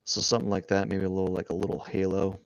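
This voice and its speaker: A man with a low, gravelly voice narrates his drawing on a live stream, rambling as he thinks aloud and restarting his sentences. The sound is dry and a little dull and lo-fi. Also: level tone, quick pace, no echo. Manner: rambling, thinking aloud, many restarts, often trailing off quietly.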